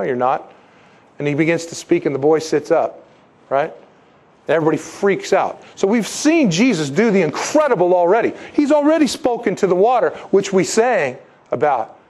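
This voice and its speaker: A man preaching a sermon in a lively, conversational way, acting out quotes and asides. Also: a little high. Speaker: pastor.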